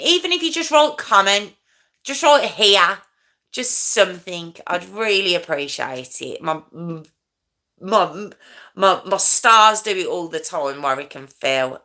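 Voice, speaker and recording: A woman's voice: fairly low pitch, pushed and bright. A woman hosting a live stream, chatting casually with her viewers and answering their comments, laughing often.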